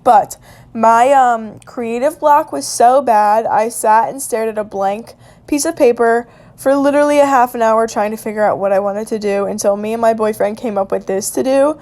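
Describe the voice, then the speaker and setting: A young woman casually narrating a journal-drawing vlog in a chatty way, with lots of fillers and little laughs. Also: a little high. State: hiccups. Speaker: vlogger.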